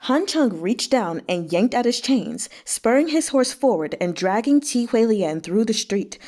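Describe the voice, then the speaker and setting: A woman reading a novel aloud with expressive narration and emotional asides. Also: on the high side, normal speed, few pauses. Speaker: audiobook reader. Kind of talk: read-along narration with asides.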